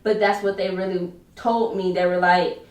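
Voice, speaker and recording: A woman's voice: on the low side, flat delivery, moderate pace, darkish tone. A woman telling a personal work story in a chatty vlog, full of "like" as she retells it. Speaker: vlogger. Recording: roomy, distant from mic.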